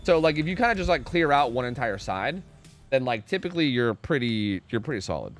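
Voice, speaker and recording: A man's voice: mid-range voice, big pitch swings, brisk, soft background music. A man streaming a game live, giving casual commentary, swearing often and chatting with his viewers. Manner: laid-back, swears often, chats with viewers.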